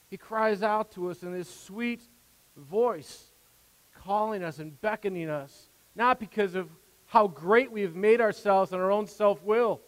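Unhurried, a man whose voice sits high preaches a sermon as pastor from the pulpit of a church sanctuary. He sounds earnest and conversational, with rising emphasis and asides, and the space adds a long hall reverb.

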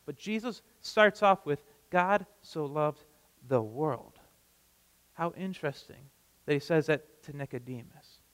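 A man's voice: on the high side, fairly bright tone, big-room sound, rough recording. A man giving a sermon as pastor, talking in a conversational way with frequent restarts and repeated words.

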